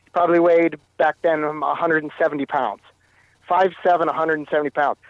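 A man with a somewhat high voice recounts his past as an interview guest. He talks haltingly and repeats words. The sound is dry and dull, like a lo-fi line. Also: fairly even intonation, dry recording. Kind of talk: telling a personal story in conversation.

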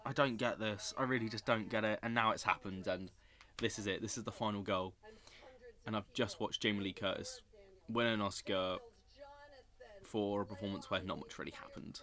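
A young man giving opinionated live reaction commentary on an awards show, excitable and prone to loud outbursts. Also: medium pitch, brisk.

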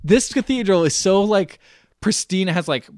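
A man's voice: high-pitched, lively intonation, normal speed, darkish tone, no echo, clean studio sound. A young man co-hosting a podcast, casually recapping a movie and acting out the characters' lines in silly voices. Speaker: podcast co-host.

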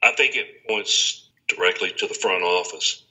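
Low, bright-edged man on a dull lo-fi line. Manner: measured, thoughtful, with hedged opinions. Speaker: podcast guest, writer. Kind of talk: casual podcast interview. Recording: dull, lo-fi sound.

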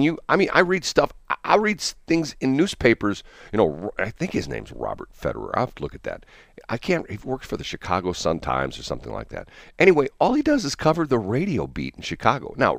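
Deep-voiced rambling male radio host. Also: creaky, dry recording, clean studio sound. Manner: rambling, chuckling, many restarts. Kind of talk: casual morning show chat.

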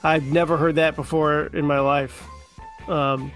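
A man's voice: on the high side, flat delivery, unhurried, fairly bright tone, faint music behind. A man on a talk show, hesitant and dry, making self-deprecating jokes when he doesn't know the slang. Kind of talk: casual chat.

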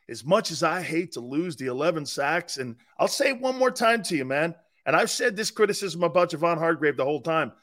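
A man's voice: on the high side, sing-song, fairly quick, few pauses, a bit bright. A man hosting a live football talk show, blunt and mocking. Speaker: sports talk show host. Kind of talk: live sports radio talk.

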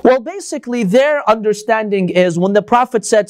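A man's voice: high-pitched, animated, fairly quick, hardly any pauses. A man giving a religious lecture to a live audience, arguing with lots of rhetorical questions.

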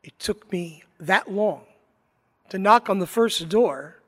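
A priest delivers his homily in a slow, deliberate way, building stories with dramatic pauses and sudden swells. His voice sits high for a man. The sound rings out with the long reverb of a large church. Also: fairly bright tone, husky. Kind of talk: sermon with told anecdotes.

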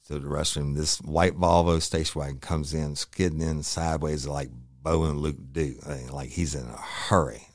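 Very deep-voiced profane storyteller man. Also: no echo, clean studio sound. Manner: profane, rambling, acts out quoted lines. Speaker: police officer telling a war story. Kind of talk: casual spoken storytelling.

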